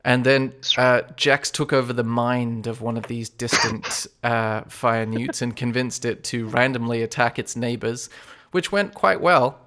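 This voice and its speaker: A man narrating as game master in a relaxed way, laughing often between lines. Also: medium pitch, measured pace, hardly any pauses. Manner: relaxed, chuckling narration with fillers.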